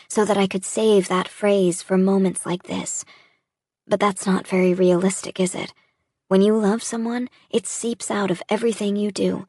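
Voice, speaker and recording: A woman narrating a novel in the first person, in a reflective, measured way. Her voice is husky and a little breathy. It is recorded dry and close. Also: medium pitch, darkish tone, no room sound. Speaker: audiobook narrator.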